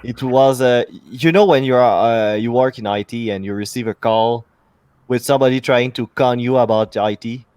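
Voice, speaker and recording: Male co-host, French Canadian accent, native French speaker, mid-pitched, halting and blunt, dry close sound. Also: a little mellow, smooth, no echo. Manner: blunt, swearing, halting with fillers. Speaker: podcast co-host. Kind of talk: casual chat.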